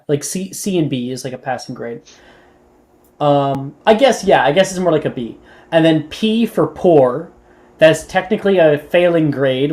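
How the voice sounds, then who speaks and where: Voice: medium pitch, a little mellow. A game master running a tabletop game in a casual way, leaning on "like" as a filler.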